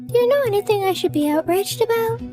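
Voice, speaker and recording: A woman with an extremely high, doll-like voice that stays expressionless and monotone from phrase to phrase. She speaks in short, deadpan lines as if in a strange art piece, with a trace of music underneath. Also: fast. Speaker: internet performance artist. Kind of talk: surreal performance art video clips.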